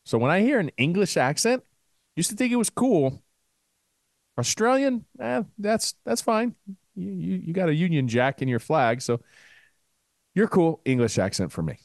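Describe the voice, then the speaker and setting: A man's voice: sits high, very animated, normal speed, pauses often, dry recording, clean studio sound. A man co-hosting a sports podcast in a playful way, running the question segment and joking around. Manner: playful, does goofy voices. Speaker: podcast co-host. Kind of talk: casual sports chat.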